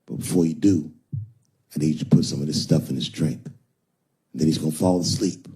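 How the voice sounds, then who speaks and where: A comedian voicing a cold, scheming pimp, dropping into a low, commanding tone as he tells the story. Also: brisk, dark tone.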